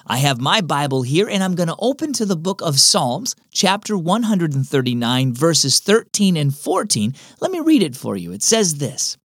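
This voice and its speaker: Upbeat host reading to kids. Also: male voice, on the high side, sing-song, moderate pace, no echo, studio quality. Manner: upbeat, friendly, kid-directed. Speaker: children's devotional host. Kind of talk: scripted narration.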